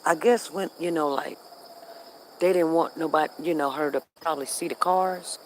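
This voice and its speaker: A woman's voice: low-pitched, steady tone, moderate pace, a little hiss or hum, rough recording. Chatty woman livestreaming, faint crickets behind. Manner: chatty, repeats herself, reacts to events outside. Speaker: livestream host. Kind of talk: casual livestream commentary.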